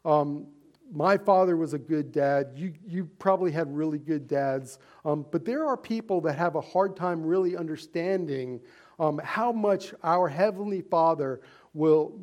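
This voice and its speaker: A man's voice: a little high, unhurried, a little mellow. A man preaching a sermon as pastor, earnest and conversational, with rhetorical questions and frequent fillers.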